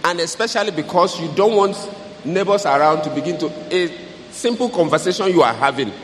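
A man's voice: high voice, expressive, fairly quick. A man giving earnest, exhorting advice to parents in a preaching style. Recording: hall reverb, faint noise.

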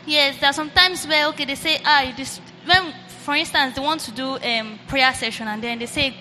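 A woman from the congregation asking the pastor a question into a handheld mic, hesitant and halting. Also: sits high, sharp tone, a little hiss or hum. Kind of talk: question from the floor. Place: church hall. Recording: reverberant hall with faint ambience.

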